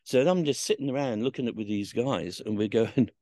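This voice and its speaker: A man's voice: mid-range voice, fairly quick, warm tone, no room sound. A man, a podcast guest, recalls his past in a rambling, swearing storytelling style, full of fillers and restarts. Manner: swears freely, acts out quoted voices. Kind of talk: telling stories from his past in an interview.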